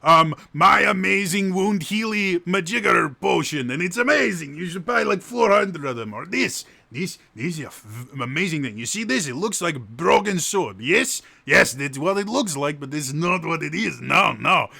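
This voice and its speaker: A man voicing a jolly, good-natured male shopkeeper selling magic items, with a cheesy Russian accent and a loud, boastful sales pitch. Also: expressive, moderate pace, gravelly, few pauses, heavily acted. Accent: cheesy put-on Russian.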